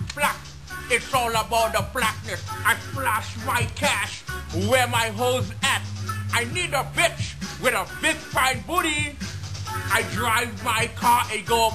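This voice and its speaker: A man's voice: very high-pitched, heavily acted. A man voicing a boastful, swaggering male parody rapper, chanting and hollering in repetitive bursts.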